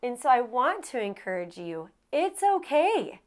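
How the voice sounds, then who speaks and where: A woman's voice: on the high side, big pitch swings, measured pace. A woman co-hosting a candid conversation about her marriage, emotional and earnest, laughing often and losing her train of thought. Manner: rambling with frequent restarts. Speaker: co-host sharing marriage story. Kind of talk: candid casual chat.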